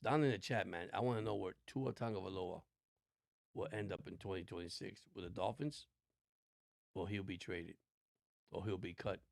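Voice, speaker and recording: A man's voice: deep voice, normal speed, creaky, pauses often, no echo, studio quality. A man hosting a casual sports watch-along livestream, chatting in a rambling, laid-back way. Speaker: livestream host.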